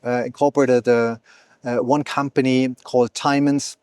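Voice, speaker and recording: A man's voice: mid-range voice, little pitch movement, normal speed, darkish tone, clean tone, no echo. A man being interviewed as a company founder, talking fluently but with many fillers and restarts. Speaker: exchange founder, guest. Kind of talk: conversational interview. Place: event venue.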